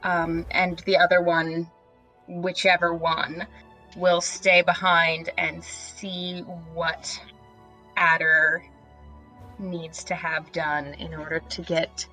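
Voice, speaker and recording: A woman's voice: lowish voice, level tone, slow, pushed and bright, faint music behind, poor audio. A woman running a tabletop game, recapping the last session in a rambling way with many fillers. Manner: rambling, filler-heavy, friendly. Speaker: game master.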